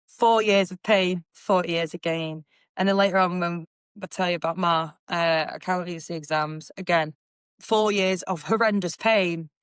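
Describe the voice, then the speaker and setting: A woman's voice: lowish voice, fairly bright tone, no room sound, studio quality. A young woman from Manchester with a Mancunian accent, hosting a podcast in a chatty, blunt way and swearing freely. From Manchester, England. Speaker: podcast host. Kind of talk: casual chat.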